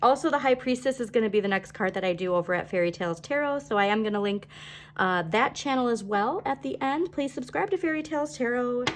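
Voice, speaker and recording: A woman doing a casual tarot reading to camera, bubbly and chatty, with many fillers and quick laughs. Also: a little high, expressive, slight background noise. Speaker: tarot reader.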